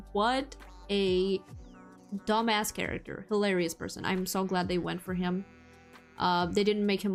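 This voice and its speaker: A woman streamer chatting casually with her viewers. She laughs often and leans heavily on "like". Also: medium pitch. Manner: giggly, chatty, heavy use of "like". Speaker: VTuber streamer.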